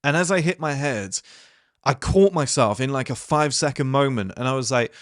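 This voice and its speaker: A man in his thirties hosts a channel and gives his viewers a casual motivational talk, blunt and rambling, with plenty of swearing and fillers. His mid-range voice moves at a moderate pace over a dry, clean studio recording.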